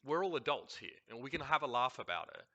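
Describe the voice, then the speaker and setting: A man's voice: mid-range voice, big pitch swings, quick pace, pushed and bright. A man with an Australian accent, hosting a casual review of a match broadcast, talking bluntly and swearing freely as he rants. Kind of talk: casual commentary over a replay.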